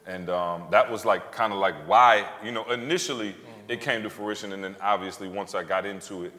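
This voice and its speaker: Low-pitched male co-host in his thirties, lively live storyteller, roomy hall sound. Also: brisk. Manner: animated storyteller, acts out quotes. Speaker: author and podcast co-host. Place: stage before a live audience.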